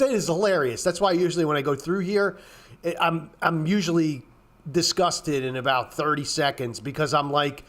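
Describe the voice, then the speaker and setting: Blunt, profane trading commentator. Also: male voice, on the high side, moderate pace, a bit bright. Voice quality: frequent throat clearing. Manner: rambling, blunt and profane, rising to exasperated rants. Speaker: trading show host. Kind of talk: casual market commentary.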